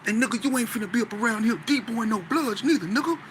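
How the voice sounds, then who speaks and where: A man's voice: very high voice, quick pace, background noise, pitched above the performer's own voice. A man acting out a menacing gang leader who threatens rivals with profane, cold talk.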